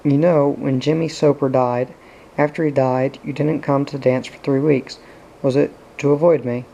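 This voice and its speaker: A man voicing an anxious young woman who pleads in an earnest, frightened way, in a flat, low, gravelly reading voice. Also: normal speed, highs cut off, a little hiss or hum, close to an everyday voice. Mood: probing.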